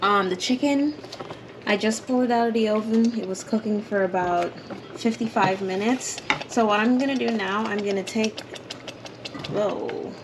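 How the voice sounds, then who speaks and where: A woman's voice: medium pitch, moderate pace, noisy background. A woman hosting a home cooking video, explaining each step in a chatty way from her kitchen. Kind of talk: casual cooking demonstration.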